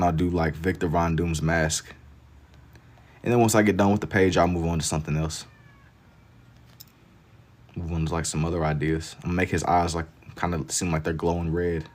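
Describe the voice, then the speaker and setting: A man's voice: sits low, fairly even intonation, moderate pace, pauses often. A man chatting casually on a livestream while he draws, reading out viewer comments in a laid-back, slangy way and laughing easily. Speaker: livestreamer drawing on stream.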